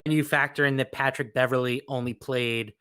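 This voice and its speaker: A male betting analyst speaks in a bright, forceful voice that sounds smooth and crisp, with medium pitch and fairly even intonation. Measured and matter-of-fact, he builds his case from the numbers.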